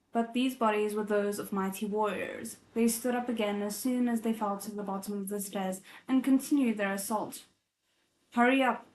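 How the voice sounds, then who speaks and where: A woman's voice: medium pitch, darkish tone, poor audio. A woman hosting a casual novel readalong, reading aloud and breaking off with laughing asides and self-corrections.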